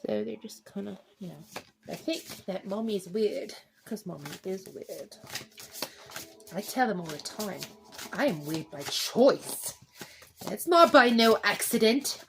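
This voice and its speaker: A woman's voice: medium pitch, lively intonation, takes it slowly, gravelly, music in the background. A woman in her thirties doing a casual tarot reading, chatty and rambling, often laughing. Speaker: tarot reader.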